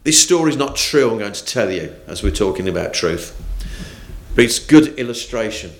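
A man preaching a morning sermon, reading scripture and speaking with deliberate emphasis. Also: on the low side, animated. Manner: slow, deliberate, with rising and falling emphasis.

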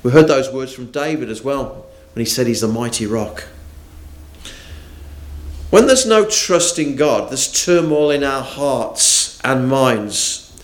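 Slow, lively-pitched male preacher. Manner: slow, deliberate, with rising and falling emphasis. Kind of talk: sermon.

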